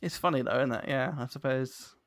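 Gravelly-voiced English man hosting a podcast. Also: medium pitch, a little fast, no echo, studio quality. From London, England. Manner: chatty, self-deprecating, many fillers. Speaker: podcast host. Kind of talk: casual interview chat.

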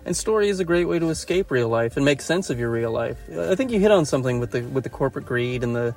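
Gravelly Canadian man, relaxed podcast co-host, reflective and chatty, light music in the bed. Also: mid-range voice, quick pace. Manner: reflective, chatty, laughs easily. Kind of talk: casual chat.

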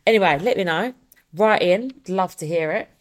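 A woman's voice: on the low side, normal speed. A young adult woman hosting a casual solo podcast, chatty and upbeat with rambling asides. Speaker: podcast host.

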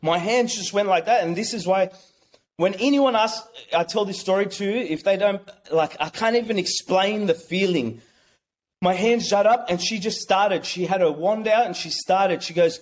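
A man telling a personal story as an interview guest, excitable and rambling, with many restarts. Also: sits high, normal speed. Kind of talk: casual storytelling.

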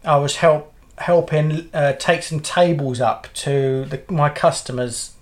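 A man's voice: fairly high pitch, a little slow. Rambling man telling stories. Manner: rambling storyteller, swears freely. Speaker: podcast co-host. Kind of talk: casual chat.

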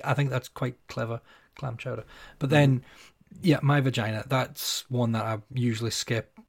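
A man's voice: medium pitch, flat delivery, moderate pace, gravelly. A man with a mid-range voice co-hosts a casual podcast chat. He talks fondly about songs he loves and laughs easily. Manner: amused, fond, laughs easily. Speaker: podcast co-host. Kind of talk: casual album review chat.

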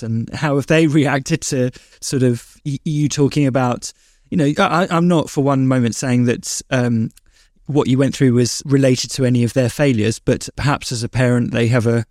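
A man hosts a casual interview, feeling his way through long questions with restarts. His voice sits at a middle pitch. The sound is close and dry. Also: a little mellow, no room sound. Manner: hesitant, rambling questions with many restarts. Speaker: podcast host.

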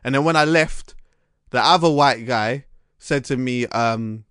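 A man, hosting a podcast and telling stories in an animated, slangy way. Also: mid-range voice, unhurried, clean tone, no echo, studio quality. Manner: animated storytelling with slang and restarts. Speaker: podcast host. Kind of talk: casual chat.

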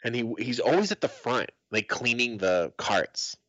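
A man's voice: medium pitch, animated, measured pace, fairly bright tone, dry recording, dull audio. A middle-aged man from Arizona telling a story in casual podcast chat, swearing freely and acting out the quotes. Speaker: podcast co-host.

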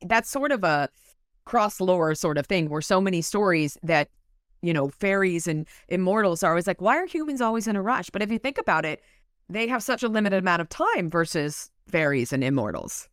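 A woman's voice: lowish voice, animated, moderate pace, no echo, clean studio sound. A woman co-hosting a podcast, chatting casually and animatedly about a book and reading passages aloud. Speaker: podcast co-host.

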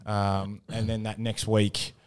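A man's voice: on the low side, completely flat delivery, slow, clear, resonant tone. An Australian man in his thirties, a former footballer as podcast guest, telling candid stories with swearing. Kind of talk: casual podcast chat.

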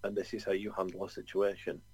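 A man's voice: deep voice, little pitch movement, quick pace, darkish tone, breathy edge, poor audio. A man co-hosting a football podcast, talking in a loose, chatty way full of "you know" asides. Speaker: podcast co-host. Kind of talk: casual chat.

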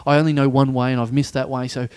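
A man's voice: medium pitch, little pitch movement, fast, a little mellow, clear, resonant tone. An Australian man, a comedian, co-hosting a podcast and telling a rambling self-mocking story with bursts of laughter. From Victoria, Australia. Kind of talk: casual podcast chat.

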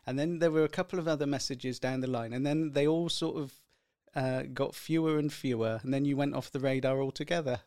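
A man's voice: mid-range voice, fairly even intonation, fairly quick, a little mellow, clear, resonant tone, dry recording, clean studio sound. A man hosting a casual podcast chat who teases his co-host and prompts him with questions.

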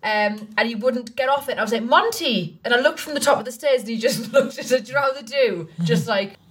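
Giggly woman telling animated anecdotes. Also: on the high side, quick pace. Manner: laughs often, tells animated anecdotes. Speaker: comedian podcast co-host. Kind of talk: casual comedic chat.

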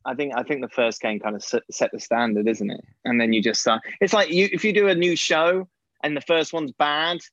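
A man talks casually as a podcast guest, laughing often and teasing. His voice sits fairly high for a man. The recording is dry and a little muffled. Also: fairly even intonation, a little fast, a bit bright, dry recording. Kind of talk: casual chat.

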